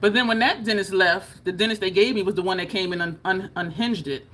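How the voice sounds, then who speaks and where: A woman's voice: medium pitch, fairly quick, fairly bright tone, slight background noise. A woman vlogging to camera in a casual, chatty way, laughing often and showing her jaw as she talks. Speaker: beauty vlogger.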